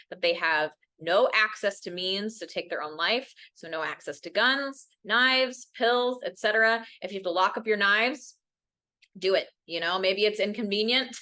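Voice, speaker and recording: Woman educator at a parent workshop; bright, earnest, animates quotes. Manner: earnest, often ends points with "right?"; acts out quoted voices with big pitch jumps. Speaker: mental health educator. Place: workshop room.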